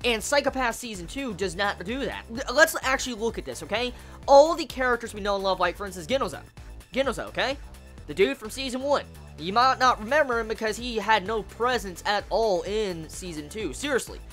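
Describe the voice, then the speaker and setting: Exasperated, cursing woman with a lively voice. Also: on the high side, brisk, faint music behind. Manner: profane, exasperated, stumbles and repeats words. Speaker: anime reviewer. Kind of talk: ranting episode review.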